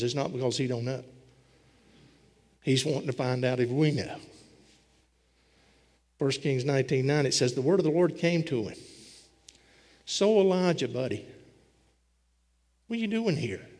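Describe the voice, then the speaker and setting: A man's voice: medium pitch, steady tone, normal speed, long pauses, a little mellow. A man preaching a sermon as a pastor, with a folksy storytelling manner. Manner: folksy storytelling preacher, voicing scripture characters. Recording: long hall reverb.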